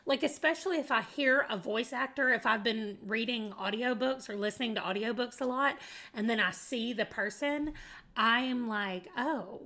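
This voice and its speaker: Bright chatty Southern woman from Arkansas. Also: a little high, moderate pace. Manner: chatty and rambling, laughs often; addresses viewers as y'all. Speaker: booktuber. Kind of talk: casual chat to camera.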